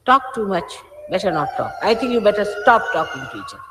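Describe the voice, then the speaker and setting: A woman's voice: medium pitch, big pitch swings, fast talker. A woman, a spiritual teacher, gives an informal, emphatic sermon, admonishing her followers. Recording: echoey hall with faint hiss.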